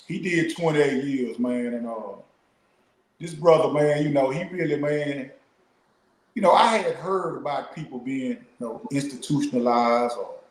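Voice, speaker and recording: A middle-aged man, a guest, telling stories in a laid-back, casual way and peppering his speech with "man". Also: medium pitch. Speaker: guest, former prisoner. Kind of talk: casual storytelling. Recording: roomy echo.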